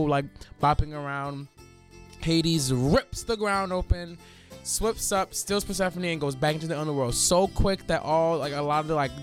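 A young man hosting a casual podcast, retelling a myth in crude, rambling slang with lots of fillers. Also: fairly high pitch. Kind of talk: casual comedic storytelling.

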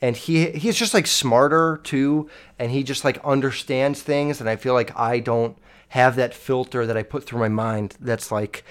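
A man's voice: mid-range voice, fairly even intonation, measured pace, clear, resonant tone. A young man telling a rambling personal story to the camera, swearing often and acting out his own past panic.

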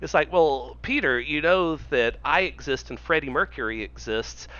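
A man co-hosting a casual podcast chat, sarcastic and jokey, riffing with animated tangents. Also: on the high side, normal speed. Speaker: podcast co-host. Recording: dull lo-fi sound.

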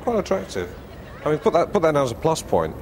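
An actor playing a pompous, self-absorbed middle-aged TV presenter who rambles in dry asides while judging vegetables, in a TV comedy. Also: male voice, fairly high pitch, huge pitch swings, very noisy. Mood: deadpan musing. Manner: dry rambling asides, slow musing delivery.

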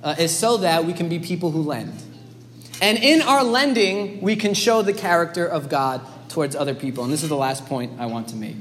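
A man's voice: a little high, fairly quick, fairly bright tone. A man preaching a sermon, earnest and emphatic, with hesitant restarts. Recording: long hall reverb, faint background noise.

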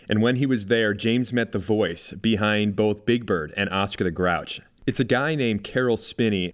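A man hosting a radio podcast with scripted, conversational narration. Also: fairly low pitch. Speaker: podcast host.

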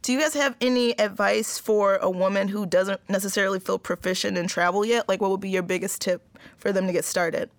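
A woman's voice: mid-range voice, fairly even intonation, fairly quick, dry recording. A woman from Chicago chatting casually and asking the group a question. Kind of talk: casual chat.

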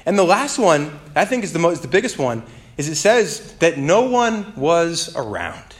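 A male pastor delivers a conversational sermon, his fairly high voice swinging widely up and down as he talks. He is animated and playful, tossing in asides and asking the congregation to answer back. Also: measured pace. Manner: asks the congregation for responses.

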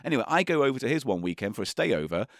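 A man's voice: medium pitch, rapid-fire, no room sound, clean studio sound. A man co-hosting a podcast, chatting casually and telling a story with frequent laughs. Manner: animated storytelling, laughs often. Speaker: podcast co-host. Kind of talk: casual chat.

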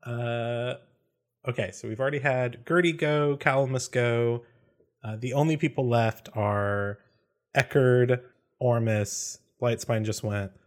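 A man narrating as game master of a tabletop game, laughing often and filling pauses with "uh" and "um". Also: mid-range voice, steady tone. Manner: laughs often, many fillers.

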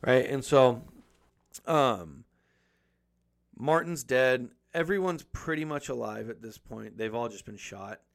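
A man's voice: medium pitch, takes it slowly, creaky, dry recording, clean studio sound. A man retelling a film's plot in a casual chat, swearing freely and acting out lines from it. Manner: profane, animated storytelling with acted-out quotes. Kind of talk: casual movie recap chat.

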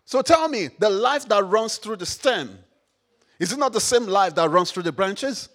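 High-pitched man preaching a sermon. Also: animated, moderate pace. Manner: call-and-response, repeats phrases, rises to shouts; rhetorical questions to the audience.

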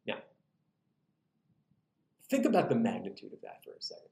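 A man preaching a sermon in an animated, humorous, conversational way. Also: fairly high pitch, normal speed, long pauses. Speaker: pastor. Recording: roomy echo.

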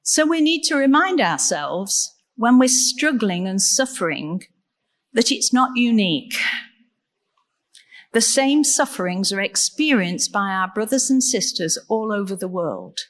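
A woman preaching a sermon in a slow, measured way and asking rhetorical questions. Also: medium pitch, lively intonation. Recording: long reverb in a large hall.

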